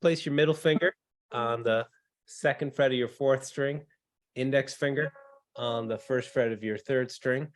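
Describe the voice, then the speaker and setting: A man coaching a ukulele class over a video call, upbeat and encouraging. His voice sits at an everyday middle pitch, and he walks students through chords and rhythms in plain, friendly teacher talk. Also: unhurried. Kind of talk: online music lesson.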